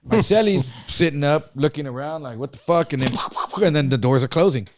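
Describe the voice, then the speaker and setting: A man co-hosting a podcast, telling a story in a casual, profane and animated way. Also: on the high side, brisk, slight background noise. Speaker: podcast co-host.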